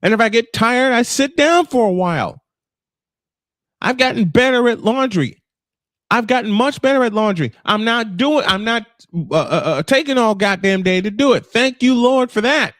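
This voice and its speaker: Speaking at an extremely high pitch, this livestream host in his fifties sounds animated and talks at a normal speed with a fairly bright tone. Camera off, he pours out a frustrated personal rant full of profanity and emphatic repetition. There's no echo, and the sound is studio quality.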